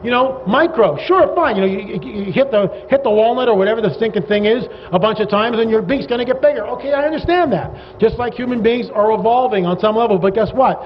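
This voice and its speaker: Animated man, high voice, lecturing a crowd in a big reverberant hall, sarcastic and rambling. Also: fast, hardly any pauses. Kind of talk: lecture to a live audience. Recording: dull reverberant hall recording with faint noise.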